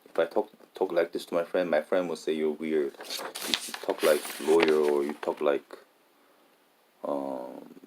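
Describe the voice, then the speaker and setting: A man in a casual monologue, talking haltingly and often restarting and repeating his words. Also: extremely low pitch, steady tone, noisy background.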